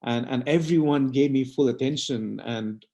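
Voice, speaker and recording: A middle-aged man from India telling a personal devotional story at a satsang in an earnest, halting way with many fillers. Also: medium pitch, dark tone. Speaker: satsang speaker.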